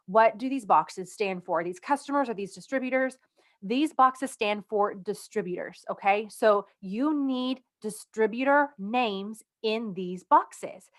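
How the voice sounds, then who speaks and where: A woman speaking as a direct-sales team leader, explaining rank requirements in a casual instructional video, upbeat and conversational, leaning on key words. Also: medium pitch.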